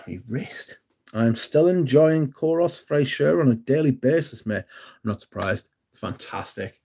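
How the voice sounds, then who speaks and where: Man, livestream host, relaxed chat, husky voice, mellow tone. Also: mid-range voice, a little slow. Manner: relaxed, reads chat aloud, yawning.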